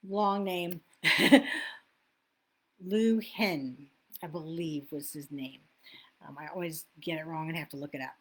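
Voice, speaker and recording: Self-help coach, woman, middle-aged; loose, chatty delivery that wanders and self-corrects. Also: medium pitch. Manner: chatty, loses her place and laughs at herself. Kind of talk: casual teaching talk.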